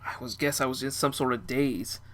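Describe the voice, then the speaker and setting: A man's voice: medium pitch, a little fast, fairly bright tone. A young man narrating a first-person story in a casual, chatty way.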